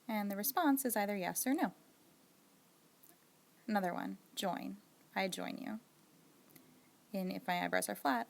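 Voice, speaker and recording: A woman hosts a casual video lesson, walking the viewer through each point patiently and voicing sample sentences. Her voice has a noticeable creaky fry, at a middle pitch. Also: measured pace, long pauses. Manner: explaining patiently with spoken examples. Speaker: sign language teacher.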